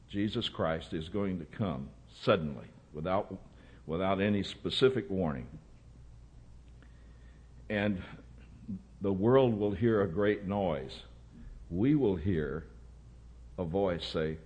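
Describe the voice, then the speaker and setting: A man preaching a sermon, emphatic and rising to loud bursts. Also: low voice, takes it slowly, pauses often.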